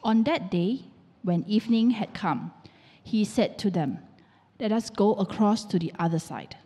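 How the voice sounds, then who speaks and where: A woman reading a passage of scripture aloud in a steady, measured way, introducing the sermon. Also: medium pitch. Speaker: scripture reader. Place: church hall. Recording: church hall reverb.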